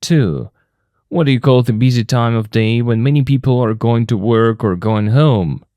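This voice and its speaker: A man explaining English vocabulary in a textbook lesson, patient and clear, and he slows down to repeat each example. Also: mid-range voice, mellow, dry recording, clean studio sound. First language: Russian. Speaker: English teacher.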